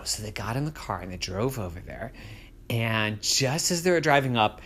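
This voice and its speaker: Bedtime storyteller, playful, gentle, pitch rising and falling a lot. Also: lively intonation, moderate pace, slightly rough.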